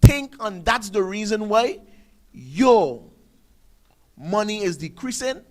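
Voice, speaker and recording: A man's voice: high voice, expressive, slow pace, a little mellow, poor audio. A man, hosting a talk show and ranting through an emphatic commentary full of rhetorical questions. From Sint Maarten.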